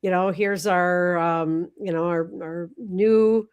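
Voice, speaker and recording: Live-chat host, woman, halting delivery with lots of ums, heard over a video call. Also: fairly low pitch, steady tone, a little mellow, clear, resonant tone, highs cut off. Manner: halting, full of ums and restarts.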